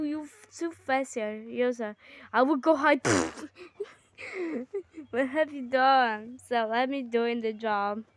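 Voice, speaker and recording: A high-voiced woman chats through a game with her sibling, exclaiming and bickering. She talks at an unhurried, drawn-out pace even when she gets excited. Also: no room sound. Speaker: gamer. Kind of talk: casual gaming chat with a sibling.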